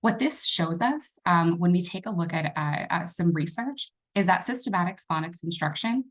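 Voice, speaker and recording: A woman's voice: lowish voice, lively intonation, normal speed, low-quality recording. A woman facilitating an online teacher workshop over a video call, conversational, with fillers and restarts. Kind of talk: online training presentation.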